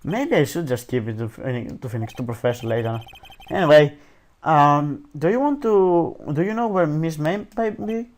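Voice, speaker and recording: A man's voice: on the high side, animated, moderate pace, few pauses, a little mellow. A man reading a courtroom video game's dialogue aloud, casual and self-mocking, peppering it with "dude" and "like". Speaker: let's play commentator. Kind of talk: reading game dialogue aloud with jokey asides.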